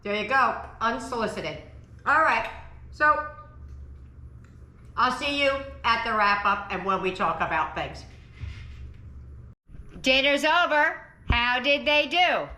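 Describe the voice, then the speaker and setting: A bright, fairly high woman's voice, chatty and upbeat, hosting a home cooking vlog at the family table. The room is echoey, with a faint hiss of background noise. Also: lively intonation, unhurried. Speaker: cooking channel host.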